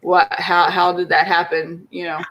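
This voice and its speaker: A woman's voice: fairly low pitch, little pitch movement, moderate pace, a bit bright, highs cut off. Musing woman in casual podcast chat. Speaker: podcast co-host.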